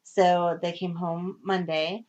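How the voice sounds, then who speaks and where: A woman in her thirties co-hosting a podcast, telling family stories in a casual, animated way with frequent laughs. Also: on the low side, takes it slowly. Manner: animated storyteller, laughs often. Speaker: podcast co-host. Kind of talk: casual chat. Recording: dull lo-fi audio.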